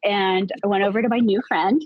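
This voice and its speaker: A woman guest on a podcast telling a story in a casual, animated way, jumping up in pitch when she acts out what people said and swearing now and then. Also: a little fast, no echo. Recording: dull lo-fi recording.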